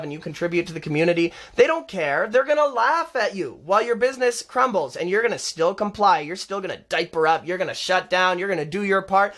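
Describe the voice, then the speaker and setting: High-voiced man ranting sarcastically. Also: a bit bright. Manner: sarcastic, mocking, heated. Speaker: show host. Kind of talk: ranting live-stream commentary.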